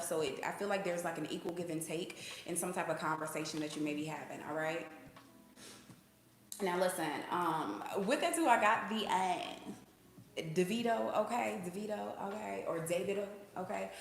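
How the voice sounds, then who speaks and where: A woman hosts a casual spiritual reading in a chatty, slangy style and keeps asking her viewers "okay?". Her voice sits slightly low. The room around her is very echoey. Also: moderate pace. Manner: breaks into sung snippets. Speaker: intuitive reader, channel host.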